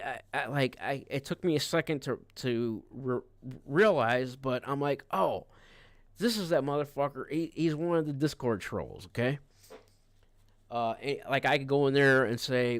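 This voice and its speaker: A man's voice: medium pitch, clear, resonant tone, dry recording, clean studio sound. A man streaming a casual rant, rambling and cursing, with frequent restarts. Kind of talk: casual ranting livestream.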